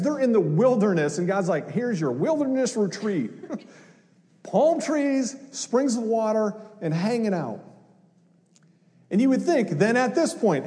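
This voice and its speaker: A man preaching a sermon, animated and conversational, acting out voices with humor. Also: sits high, long reverb tail. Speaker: pastor.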